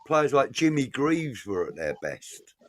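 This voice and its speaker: A man's voice: medium pitch, big pitch swings, a little slow, a crowd in the background. A middle-aged man, co-hosting a fan football show, rambling and laid-back while reading live comments. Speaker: fan podcast co-host.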